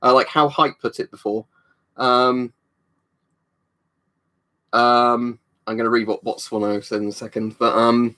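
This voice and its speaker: A man's voice: medium pitch, little pitch movement, measured pace, pauses often, bright, forceful tone. A British man chatting on a livestream, reading out viewer comments and rambling with many ums and restarts. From United Kingdom. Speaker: livestream host.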